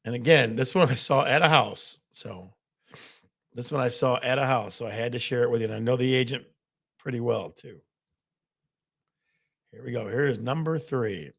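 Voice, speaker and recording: Gravelly man hosting a laughing quiz show. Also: medium pitch, normal speed, pauses often, fairly bright tone. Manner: laughs often at his own jokes; game-show countdowns and repeated prompts. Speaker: host.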